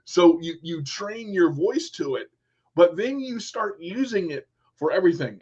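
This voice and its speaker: A man's voice: high-pitched, normal speed, husky. A man hosting a radio interview show, chatting casually and acting out quotes as he tells stories. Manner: animated storyteller, acts out quotes. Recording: muffled lo-fi sound.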